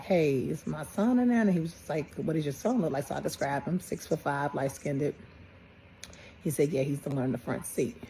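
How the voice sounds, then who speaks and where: A middle-aged woman, a mother slowly retelling a personal story and quoting the people involved. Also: low voice, vocal fry, warm tone, a little hiss or hum, rough recording. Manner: plain, halting retelling with quoted dialogue. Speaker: grieving mother.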